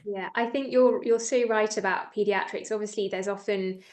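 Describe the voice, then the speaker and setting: A woman's voice: mid-range voice, fairly even intonation, moderate pace, darkish tone. Woman host asking questions on a video call. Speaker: webinar host. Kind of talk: conversational interviewing.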